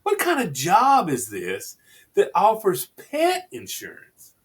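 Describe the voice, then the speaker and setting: A man co-hosting a radio show in casual chat, animated and repeating words as he exclaims. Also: high-pitched, slow pace. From United States. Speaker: radio co-host.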